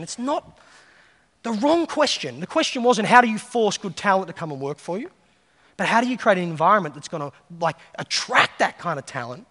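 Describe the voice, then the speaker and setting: Onstage in a large, reverberant hall, a keynote speaker with a high, fairly bright voice tells stories at a conference. He acts out the voices of the people he quotes.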